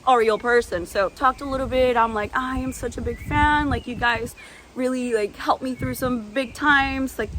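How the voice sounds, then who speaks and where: A woman's voice: a little high, a bit bright, slight background noise, low-quality recording. A young woman vlogger telling a personal story with lots of "like", gasping and squealing when she acts out her past self. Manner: peppers speech with "like".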